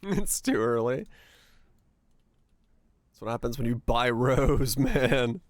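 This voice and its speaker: A man's voice: mid-range voice, expressive, takes it slowly, dry recording. A young man streaming a game, rambling and joking to himself and humming nonsense tunes in casual chatter. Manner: hums and sings nonsense tunes.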